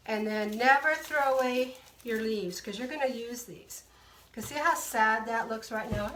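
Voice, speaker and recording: A woman's voice: fairly high pitch, a little slow, a bit bright, reverberant, recorded from a distance, slight background noise. A woman hosting a live craft tutorial, talking viewers through each step in a chatty way and greeting them by name. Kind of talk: casual live craft demonstration.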